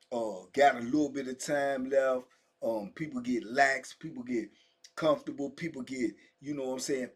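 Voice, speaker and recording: A man's voice: mid-range voice, slightly rough. A middle-aged man, host of his own channel, telling prison stories in a casual monologue, emphatic and repetitive with heavy street slang. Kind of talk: casual storytelling monologue to viewers.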